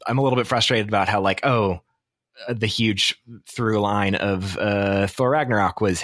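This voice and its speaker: A young man with a deep, low voice talks casually through a movie review, rambling and full of fillers. The room is dry and close, with no echo around him. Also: steady tone, a bit bright. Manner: rambling, many fillers, quick asides. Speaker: podcast co-host.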